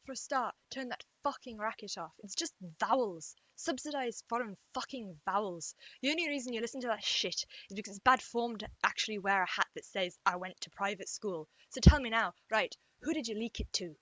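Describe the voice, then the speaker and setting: A woman doing a rough Scottish accent as a foul-mouthed, furious political ranter, keeping her anger down. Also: a little high, fairly quick, hardly any pauses, fairly bright tone, no echo, voice pushed up, rough recording. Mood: contemptuous. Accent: attempted Scottish. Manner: swearing, biting, held-back anger.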